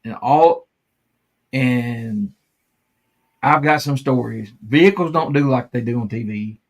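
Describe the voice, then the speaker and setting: A man's voice: medium pitch, takes it slowly. A man hosting a live stream, chatting casually, rambling and laughing often.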